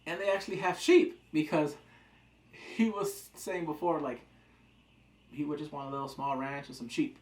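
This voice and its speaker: A man's voice: fairly high pitch, steady tone, moderate pace, darkish tone. A man reviewing a TV episode in a casual, rambling, jokey recap chat. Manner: rambling, jokey, acts out quotes. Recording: roomy echo.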